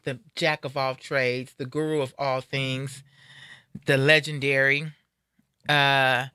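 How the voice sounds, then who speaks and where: A woman's voice: very deep voice, little pitch movement, slow pace, sharp tone, clean tone, no room sound, studio quality. A middle-aged woman hosting a live talk show in a casual, upbeat, playful way. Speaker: radio show host.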